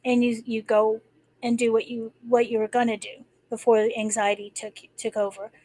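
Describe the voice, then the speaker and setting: A woman's voice: fairly high pitch, little pitch movement, normal speed, warm tone, low-quality recording. A woman hosting a live stream, talking casually and rambling, with many restarts and fillers. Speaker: livestream host. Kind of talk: casual spoken talk.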